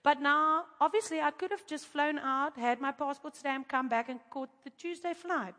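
A woman preacher telling a testimony to her audience in an animated, chatty way, with asides to the crowd. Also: sits high, normal speed. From South Africa. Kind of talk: testimony in a sermon. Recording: long hall reverb.

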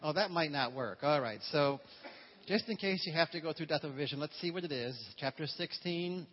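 A man's voice: fairly high pitch, brisk, highs cut off. A man preaching a sermon with a humorous manner, calling on his congregation to repeat phrases after him. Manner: humorous, call-and-response with congregation. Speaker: pastor.

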